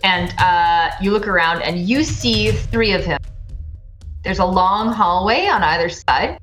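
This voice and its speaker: Female game master: slow, filler-heavy scene narration over quiet music. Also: mid-range voice, expressive, roomy sound. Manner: halting narration with frequent fillers.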